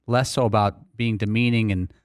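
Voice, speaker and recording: Lowish voiced guy on sports radio, calm measured questions, dry studio sound. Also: smooth, dry recording. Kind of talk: casual sports talk. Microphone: studio mic.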